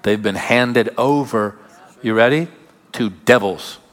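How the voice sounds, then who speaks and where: A man preaching a sermon as pastor, emphatic, with sudden drops to quiet asides. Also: mid-range voice, slow pace. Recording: long hall reverb.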